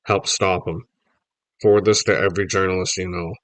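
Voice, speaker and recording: A man reading a children's novel aloud, telling the story lively in first person. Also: low-pitched, a little fast, dry recording. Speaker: audiobook reader.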